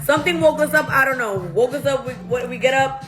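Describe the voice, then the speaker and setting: A woman on a livestream, telling a long night-out story in a blunt, profane, animated way. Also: high voice, quick pace. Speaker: livestream host. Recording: clear music behind the voice.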